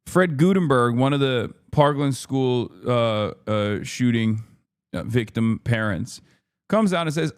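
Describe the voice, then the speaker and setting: A man's voice: mid-range voice, expressive, slow pace. Frustrated man ranting on a stream. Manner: frustrated, profane, emphatic. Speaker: livestream host. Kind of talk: ranting political commentary.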